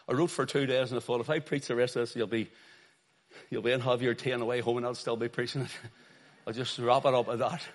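A middle-aged man preaching a sermon, swinging from quiet storytelling to loud urgent calls. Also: medium pitch.

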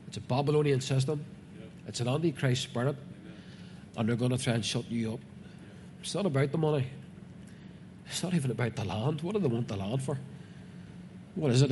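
A man's voice: mid-range voice, noisy background. A man with a Northern Irish accent preaching a sermon, reading scripture and explaining it earnestly and conversationally to his congregation. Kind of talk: sermon, Bible reading with commentary. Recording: reverberant hall with faint ambience.

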